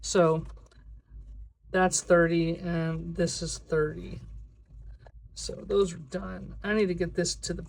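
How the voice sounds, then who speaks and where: A budgeting video creator in a casual vlog, talking to themself while counting cash aloud, sometimes slipping into a drawn-out sing-song cadence. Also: medium pitch, level tone, vocal fry, a little hiss or hum. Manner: chatty self-talk, counting money aloud.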